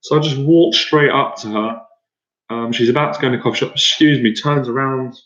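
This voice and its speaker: Speaking a little fast, this male dating coach has a steady, mid-range, fairly bright voice. His motivational talk is blunt and rambling, full of repetition and restarted sentences. The recording is lo-fi and dull, with room echo.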